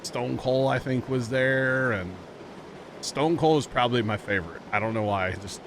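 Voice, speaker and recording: A man in his thirties chats on a game stream, piling fillers into loose, animated stories. His voice sits at an ordinary pitch. Steady noise runs under the recording. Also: moderate pace. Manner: rambling, animated storytelling with many fillers. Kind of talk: casual chat while streaming a game. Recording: background noise.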